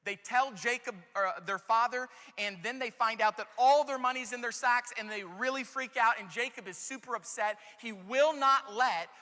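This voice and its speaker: A male pastor with a very high, bright, piercing voice preaching in a church hall with a long echo. He talks casually and reads verses aloud. His tone turns dramatic when he acts out the people in the passage. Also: moderate pace, few pauses. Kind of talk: sermon.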